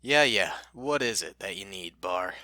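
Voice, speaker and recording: A man voicing a gruff, impatient male pirate captain who works for hire, with an offhand drawl. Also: low voice, expressive, a little slow, sharp tone, no room sound, studio quality, full character voice.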